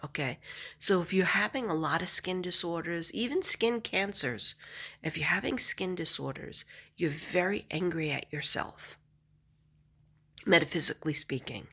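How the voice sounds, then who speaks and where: A woman's voice: fairly low pitch, normal speed, fairly bright tone, husky. A middle-aged woman vlogger chatting casually to camera, rambling and laughing often.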